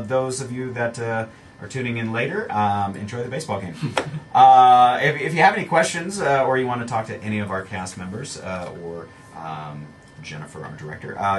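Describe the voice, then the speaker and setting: A man's voice: on the low side, distant mic, slight background noise, rough recording. A man hosting a casual local radio chat, joking and hesitant with many fillers. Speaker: radio host.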